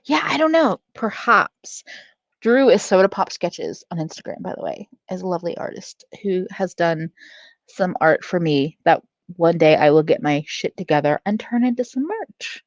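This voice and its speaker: Lively low-voiced woman streamer. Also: normal speed, dry recording, highs cut off. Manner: chatty, laughs often, swears freely. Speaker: livestream host reading chat. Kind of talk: casual livestream chat. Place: at home.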